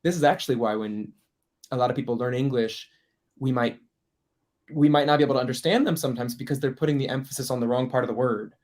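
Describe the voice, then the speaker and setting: A man's voice: medium pitch, fast, darkish tone. A man teaching French in a casual online workshop, chatty, laughing often and putting on voices for quoted speech.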